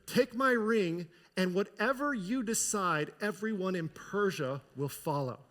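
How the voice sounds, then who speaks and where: A man doing a slow, commanding ancient king. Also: high voice, fairly bright tone. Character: powerful ancient king, male, quick-tempered.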